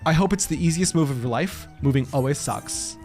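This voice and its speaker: Animated laughing male streamer. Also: mid-range voice, fairly quick, soft background music. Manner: animated, laughs often, swears casually. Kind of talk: casual live-stream chat.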